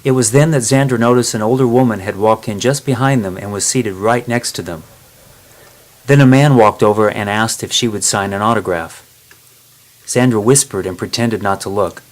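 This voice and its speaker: A man narrating a chapter of a travel novel in a steady, plain reading voice. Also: fairly low pitch, normal speed. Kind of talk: storybook narration.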